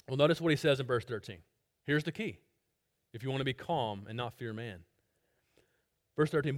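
A male pastor giving an expository sermon, emphatic and repeating key phrases, swinging between loud stress and soft drops. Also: mid-range voice, moderate pace, long pauses.

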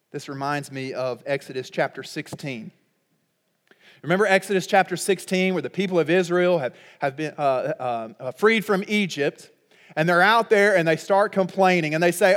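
A middle-aged male pastor preaching a sermon in a conversational, humorous way, breaking into loud, emphatic peaks. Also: fairly high pitch, animated, moderate pace, long reverb tail.

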